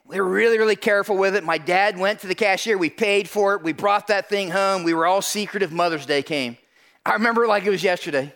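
High-pitched animated male storyteller. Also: fast talker. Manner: animated storytelling, acting out voices, frequent "right?". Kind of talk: storytelling sermon to an audience.

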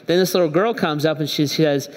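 A man's voice: a little high, quick pace. A male pastor preaching a sermon in a church, telling the story conversationally and acting out the dialogue. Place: church hall. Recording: echoey hall.

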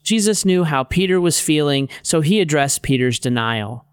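Man telling bible stories casually, smooth resonant voice, close mic no echo. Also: a little high, expressive, moderate pace. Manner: conversational, modern paraphrase. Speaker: narrator. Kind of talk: casual Bible story narration.

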